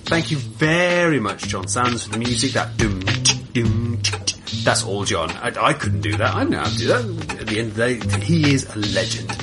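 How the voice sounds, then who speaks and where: A man's voice: medium pitch, big pitch swings, fairly quick, hardly any pauses, over loud music. A man hosting a podcast, thanking contributors in a chatty, stumbling way. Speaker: podcast host. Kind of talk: casual show wrap-up.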